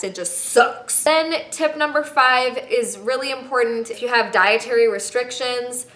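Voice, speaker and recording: A woman's voice: fairly high pitch, pushed and bright, roomy sound. A young woman in her twenties giving travel tips in a chatty, playful vlog with emphatic asides. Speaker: vlogger.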